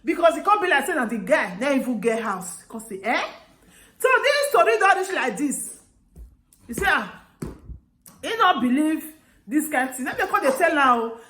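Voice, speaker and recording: A woman with a Nigerian Pidgin accent telling a story casually to her viewers, lively, acting out the people she quotes and often laughing. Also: sits high, moderate pace, pauses often. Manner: animated, acts out quoted voices with laughter. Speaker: vlogger. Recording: roomy echo.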